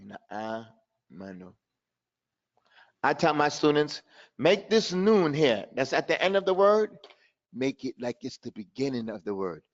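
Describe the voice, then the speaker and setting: High-voiced guy teaching recitation online, calls out students, mimics their mistakes, kinda muffled lo-fi audio. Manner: animated, addresses students by name, mimics mistakes, recites verses slowly. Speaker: tajweed teacher. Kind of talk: live online recitation lesson.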